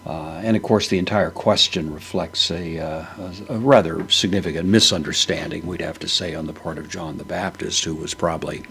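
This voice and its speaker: A man with a very low, gravelly voice teaches a Bible passage word by word. He talks slowly and deliberately, pausing often with fillers. A faint hum runs under the recording. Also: steady tone, a bit bright. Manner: slow and deliberate with frequent fillers. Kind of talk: verse-by-verse Greek word study.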